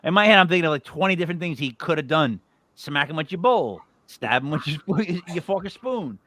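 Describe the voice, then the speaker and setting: A man co-hosting a casual podcast speaks a little fast in a fairly high voice, with no echo. He's an animated storyteller who acts out what people said as he tells his stories.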